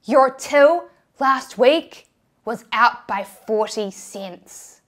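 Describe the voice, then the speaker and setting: A woman's voice: a little high, expressive, extremely slow. A woman with a New Zealand accent voicing a stressed female shop manager who screams insults. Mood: cold. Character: strict angry female shift manager.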